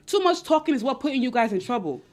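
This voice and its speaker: A young woman with a high voice and a non-American English accent, chatting casually to viewers about dating. She talks in an animated, repetitive way and often slips into quoted voices. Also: fast talker. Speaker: dating advice vlogger. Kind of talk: casual advice chat to viewers.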